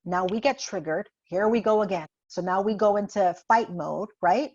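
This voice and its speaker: A woman's voice: mid-range voice, moderate pace, darkish tone. A woman guest talking about parenting in a conversational interview, telling stories and acting out parent and child. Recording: muffled lo-fi audio.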